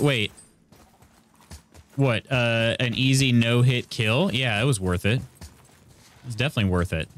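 A man's voice: medium pitch, a little slow, long pauses. A man from central Illinois giving casual live commentary while streaming a game, thinking aloud and greeting his chat. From central Illinois, USA.

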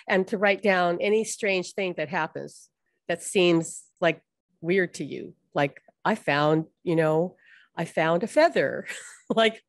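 A woman's voice: on the low side, no room sound, studio quality. A woman spiritual teacher talking casually to her audience, chatty and laughing often, with many fillers like "like".

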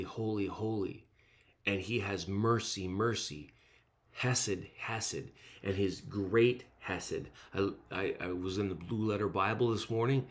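Male pastor, very low voice, emphatic sermon delivery with repetition. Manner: emphatic, repeats words for stress.

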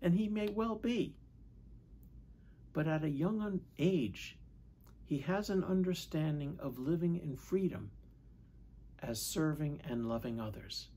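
A man, a priest, giving a measured, reflective Sunday homily and asking questions of his listeners. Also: on the high side, dark tone, breathy edge. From United States.

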